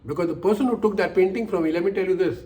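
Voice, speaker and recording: With a high-pitched, rapid-fire delivery and a dark tone, an older man recounts personal stories meant as life lessons, slipping into the voices of people he quotes and hammering phrases through repetition. A faint hiss or hum sits under the recording.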